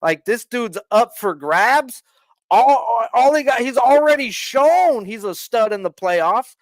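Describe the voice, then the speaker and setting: A man's voice: very high voice, lively intonation, slow pace, dry recording. A man guesting on a sports betting podcast, talking loosely and profanely with lots of slang. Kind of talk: casual betting chat.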